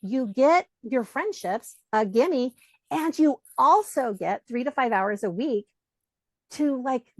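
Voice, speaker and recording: A middle-aged woman coach speaking as a guest in a relaxed interview, her voice sitting a little high. She tells lively stories, acts out the voices of the people she quotes and swears casually. The sound is dry and close, with no room echo.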